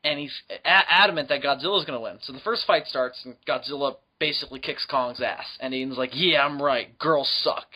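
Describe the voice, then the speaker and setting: A man's voice: mid-range voice, brisk, hardly any pauses, sharp tone, breathy edge, poor audio. A man co-hosting a podcast, telling a long story in casual chat, rambling with many ums and plenty of swearing. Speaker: podcast co-host.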